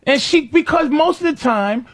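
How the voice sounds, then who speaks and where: A man's voice: very high-pitched, lively intonation, measured pace, no room sound. A man hosting a radio talk show, rambling through a profane, laugh-filled story in a casual studio chat.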